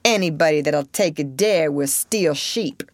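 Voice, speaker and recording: A woman's voice: low-pitched, a little slow, no room sound. A woman voicing a brash young boy from a storybook, taunting and spoiling for a fight. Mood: daring. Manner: taunting, cocky boyish bluster.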